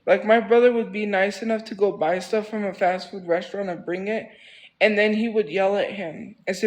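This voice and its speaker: A man's voice: sits high, brisk, poor audio. A man telling a story on a casual livestream, rambling and repeating phrases for emphasis in a heated, defensive way.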